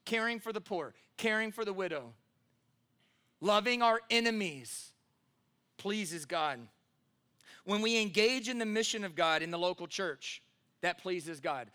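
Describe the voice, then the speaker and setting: A man preaching a sermon to a church congregation, emphatic, repeating key phrases and building to loud exhortation. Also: sits high, smooth. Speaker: pastor.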